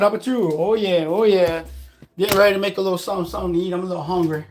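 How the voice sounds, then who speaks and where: A man's voice: high-pitched, a little fast, pauses often, noisy background. A man on a casual vlog who gives blunt, profane, preachy life advice while making food in his kitchen at home. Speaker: vlogger. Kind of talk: casual livestream pep talk.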